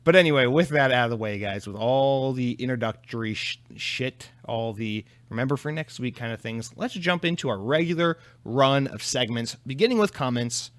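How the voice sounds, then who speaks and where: A man's voice: medium pitch, lively intonation, normal speed, few pauses, no echo. A man in his twenties hosting a casual solo podcast, rambling, profane and self-deprecating into a podcast microphone. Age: 20s. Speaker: podcast host.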